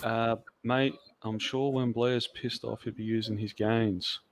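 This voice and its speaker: A man's voice: mid-range voice, unhurried, a little hiss or hum. Casual man hosting a stream. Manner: casual, animated when retelling stories. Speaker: host. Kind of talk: casual livestream chat.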